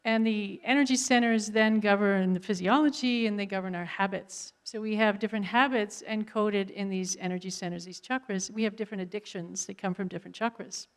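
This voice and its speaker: A woman yoga teacher calmly explaining a mantra before leading a short guided meditation. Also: medium pitch, fairly quick, hardly any pauses. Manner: calm, explanatory.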